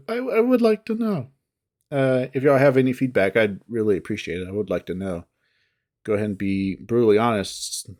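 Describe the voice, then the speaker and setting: A man's voice: fairly low pitch, a little mellow. A man who reads visual novels, talking casually to his viewers in a rambling, hesitant, self-deprecating way. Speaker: visual novel reader and voice actor.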